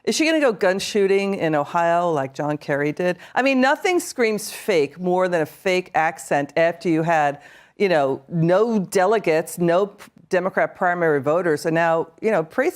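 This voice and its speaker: A woman's voice: on the low side, expressive, moderate pace. A woman speaking as a television panelist, asking sarcastic rhetorical questions.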